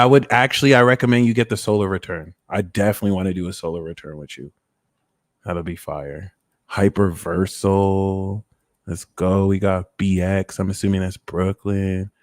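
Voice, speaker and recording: A man hosting a live tarot reading stream, chatting casually and giving shout-outs to viewers. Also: deep voice, steady tone, normal speed, no echo, studio quality. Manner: shouting out viewers' locations, loose and slangy. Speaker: tarot reader hosting a livestream.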